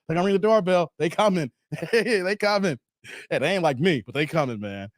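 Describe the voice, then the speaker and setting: A man hosting a casual livestream chat, talking in an animated, slangy, rambling way and laughing often. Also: high-pitched, a little fast, dry recording, clean studio sound. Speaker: show host.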